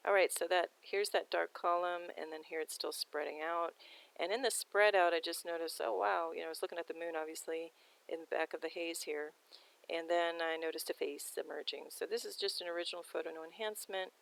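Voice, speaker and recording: Woman, lowish voice, gravelly, casual rambling narration, lots of ums. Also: fairly even intonation, fairly quick, a bit bright, low-quality recording. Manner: rambling, many ums and restarts. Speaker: sky observation show host. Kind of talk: casual narration over photos.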